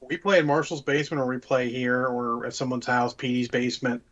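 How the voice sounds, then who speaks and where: A man's voice: mid-range voice, level tone, a little fast, a bit bright, lo-fi sound. Blunt, profane man ranting. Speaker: podcast co-host. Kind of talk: casual chat.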